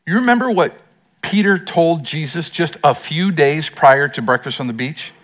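A man, a pastor, preaching a sermon, swinging between raised, emphatic lines and hushed retellings. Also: fairly high pitch, normal speed.

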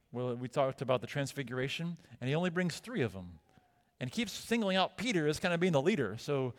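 A male pastor delivering a sermon, conversational and emphatic, asking rhetorical questions. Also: on the high side. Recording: long reverb of a church hall.

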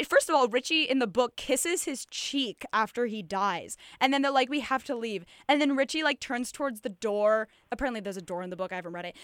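A woman hosting a casual chat, retelling a film plot in an animated way and acting out the quotes. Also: high voice, clean tone, dry recording, studio quality. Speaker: podcast host.

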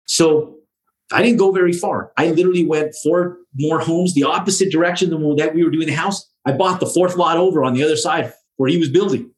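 A man's voice: fairly high pitch, brisk, rough recording. Slangy middle-aged man telling stories. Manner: slangy, swears freely, talks in a loose run of restarts. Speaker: guest, home builder. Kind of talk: casual storytelling.

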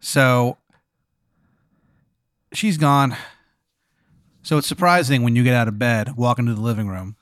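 A man telling an improvised second-person story with deadpan delivery. His voice sits mid-pitch and sounds dry and close. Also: unhurried, long pauses, no room sound. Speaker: comedy podcast co-host.

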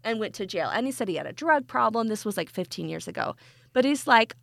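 A woman co-hosting a podcast, chatting casually and telling a story in a giggly, animated way. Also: a little high, quick pace, gravelly, no echo, studio quality. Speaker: podcast co-host. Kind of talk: casual chat.

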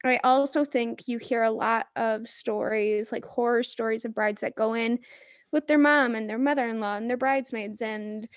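A woman's voice: on the high side, fairly even intonation, normal speed, no room sound, studio quality. A woman hosting a podcast, chatting casually and upbeat, using lots of "like.". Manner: upbeat, conversational, many "like"s. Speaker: podcast host. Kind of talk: casual interview chat.

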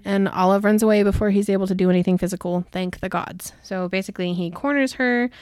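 A woman's voice: medium pitch, fast, dry recording, studio quality. Chatty young woman recapping a book. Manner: animated storytelling, acting out character quotes, frequent "like". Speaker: podcast co-host. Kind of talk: casual book recap chat.

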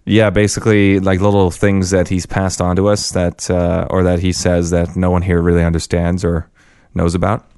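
A man's voice: deep voice, monotone, normal speed, a little mellow, clear, resonant tone, no echo, clean studio sound. A man co-hosting a podcast in casual chat over a video call, laughing as he tells stories against himself. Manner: laughing, self-mocking storyteller. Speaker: podcast co-host.

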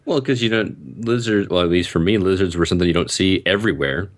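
A man's voice: low voice, fast talker. A man in easygoing casual chat, explaining things at length.

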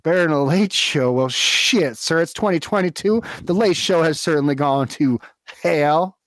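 A man putting on a stiff, pompous caller who keeps calling the other man sir and grows indignant over his aunt's resting place. The voice sits a little high for a man. It is recorded dry and close, with no room sound. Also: moderate pace, dry recording, natural voice. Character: indignant formal man defending dead aunt. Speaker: prank caller. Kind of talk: prank phone call.

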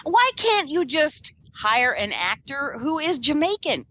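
Bright, lively woman podcast co-host. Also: high voice, slow pace. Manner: chatty, laughs often, trails off with fillers. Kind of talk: casual movie review chat. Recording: dull lo-fi podcast audio.

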